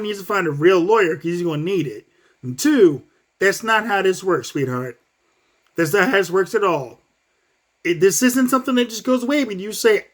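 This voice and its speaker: A man giving a casual, profane commentary rant as a vlogger, talking in fast bursts. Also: sits high. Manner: profane, animated, fast bursts, acts out quotes.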